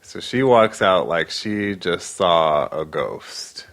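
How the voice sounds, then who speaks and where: With a low voice and an unhurried pace, a male podcast co-host walks through a reality show episode in a relaxed way. He brings it to life by acting out what people said.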